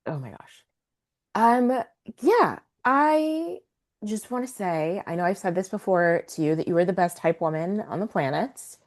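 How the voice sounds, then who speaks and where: A woman co-hosts a casual podcast chat. Her voice swoops up and down as she reacts with excitement and frequent laughter. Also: mid-range voice, a little slow. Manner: excitable, supportive, laughs a lot. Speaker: podcast co-host.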